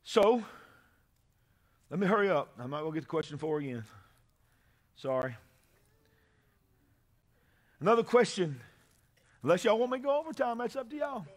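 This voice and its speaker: A man preaching a sermon to his congregation, calling for amens and building to shouted peaks. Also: sits high, lively intonation, normal speed, pauses often. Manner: call-and-response preaching, rising to shouts at climaxes. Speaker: pastor. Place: church sanctuary with congregation.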